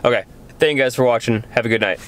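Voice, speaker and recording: A young man with a mid-range voice talks fast to viewers on a handheld camera, chatting casually outdoors in freezing weather. He addresses viewers directly, and he's so cold and shivering that it shows in how he speaks.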